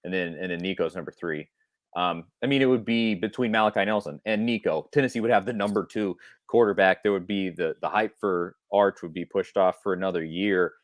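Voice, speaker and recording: A man's voice: deep voice, fairly quick, no echo, clean studio sound. A man co-hosting a sports podcast, talking casually and thinking aloud with frequent restarts. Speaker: podcast co-host.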